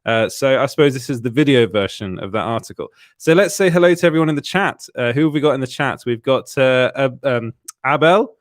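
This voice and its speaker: The host of a live stream sounds tired as he chats, meandering through filler words like "uh" and small laughs. His medium-pitched voice is expressive and brisk, and the studio-quality recording has no room sound.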